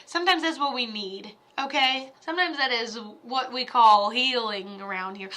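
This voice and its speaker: A woman runs a live-stream mediumship reading in a sharp, bright voice. She delivers blunt, profane pep talks. Her voice sits high and cuts through. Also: normal speed, few pauses, slight background noise. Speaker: psychic medium.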